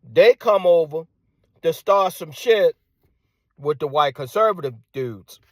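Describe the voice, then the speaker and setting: Ranting man, rather high, dry sound. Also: lively intonation, unhurried, no room sound. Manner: combative, repeats phrases and rhetorical questions; drops to hushed tone at times. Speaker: commentator. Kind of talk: ranting monologue.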